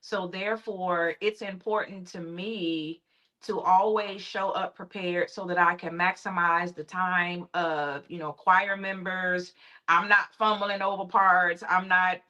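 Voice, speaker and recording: Bright-voiced confident woman choir director. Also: fairly low pitch, flat delivery, unhurried, rough recording. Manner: emphatic, confident, faith-centered. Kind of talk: casual interview talk.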